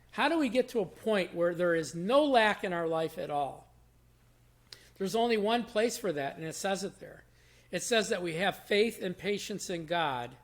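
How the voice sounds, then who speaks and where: A Bible teacher giving a short devotional in a casual, conversational way, explaining verses in everyday words and often restarting phrases. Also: medium pitch. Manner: repeats and restarts phrases while thinking aloud.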